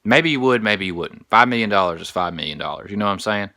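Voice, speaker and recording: A young adult man hosting a podcast, telling a story in a casual comedic monologue, animated and crude. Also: on the low side, fast talker, no room sound, studio quality. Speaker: podcast host.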